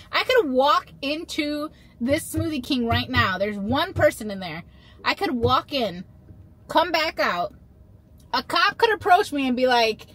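A woman's voice: a little high, animated, normal speed, a bit bright. A woman in her thirties, a mother, chatting casually to a phone camera in a rambling, playful storytelling way while out and about. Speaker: vlogger. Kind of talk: casual vlog chat. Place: in a car and out and about.

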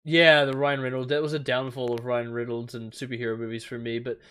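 A man's voice: mid-range voice, flat delivery, fast, fairly bright tone, smooth. A man with a New Zealand accent chatting casually as a podcast co-host, rambling and laughing as he talks. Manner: rambling, laughing, restarts sentences often. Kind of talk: casual chat.

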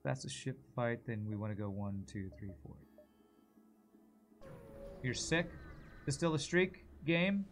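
A man's voice: medium pitch, big pitch swings, a little slow, pauses often, soft background music. Chatty man streaming a strategy game. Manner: chatty, thinks aloud and answers viewer messages. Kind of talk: casual live gameplay commentary.

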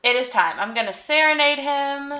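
A woman's voice: sits high, expressive, moderate pace, sharp tone, dull audio. A young woman vlogger giving casual, chatty commentary while playing a life-sim game, giggling and swearing when surprised. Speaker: gaming vlogger.

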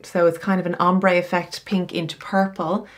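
Middle-aged woman, style coach, lower-pitched voice; chatty tutorial delivery with offhand asides. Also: little pitch movement, moderate pace. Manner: chatty, explains each step with casual asides. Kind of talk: makeup tutorial.

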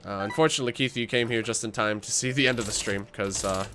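A man's voice: fairly low pitch, fast, background noise. A young man livestreaming a game while sick and tired, chatting casually with viewers, with frequent fillers, restarts and the odd voice crack. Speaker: gaming livestreamer.

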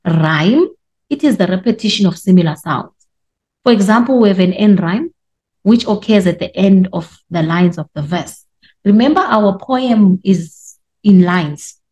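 A woman teaching a class, explaining slowly with repetition and stretched words for emphasis. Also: medium pitch, lively intonation, a little mellow. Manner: explanatory, repeats points and drags out words for emphasis. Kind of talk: classroom lesson.

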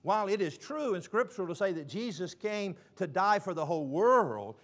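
A man preaching a sermon, stressing words slowly and dropping suddenly to a hush. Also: high-pitched, lively intonation. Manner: emphatic, with slow drawn-out stresses and sudden quiet drops.

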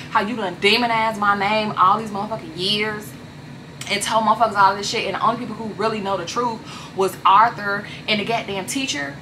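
A woman's voice: mid-range voice, noisy background, lightly acted. A woman voicing a furious young woman who curses at the man who abused her. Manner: profane, cursing, slangy.

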